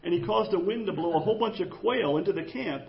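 A man preaching an animated, jokey sermon in church, acting out quoted voices. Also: sits high, quick pace, gravelly, lo-fi sound. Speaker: pastor.

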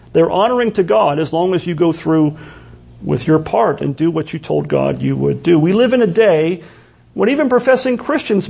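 A man's voice: sits high, creaky, darkish tone, breathy edge. A man preaching a sermon in a church, earnest and full of rhetorical questions. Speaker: pastor.

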